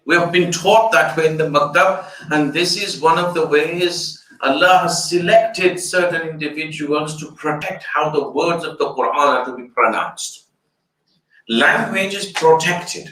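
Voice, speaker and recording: A man's voice: fairly high pitch, a little slow, pushed and bright. An older man, an Islamic scholar, giving an explanatory fundraiser lecture. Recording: echoey room, distant mic.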